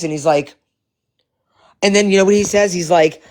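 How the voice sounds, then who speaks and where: A man giving casual commentary to his viewers, animated and profane, rambling with many restarts. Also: a little high, brisk, pauses often. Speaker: live-stream commentator.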